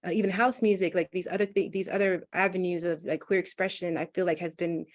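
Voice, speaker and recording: A woman hosting a casual Q&A. Her voice sits on the lower side, and she speaks in a chatty, loose way with lots of fillers. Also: fairly even intonation, quick pace. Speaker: moderator.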